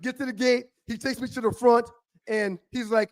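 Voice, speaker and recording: A man co-hosting a talk show, telling an animated story and acting out a shouting cop. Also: extremely high pitch, normal speed, no room sound. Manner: acts out a cop's voice, loud and shouting.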